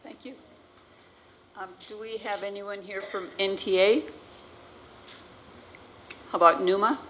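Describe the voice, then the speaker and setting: Relaxed woman chairing a board meeting. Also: mid-range voice, unhurried, a little hiss or hum. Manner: relaxed, joking, laughs easily. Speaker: school board president.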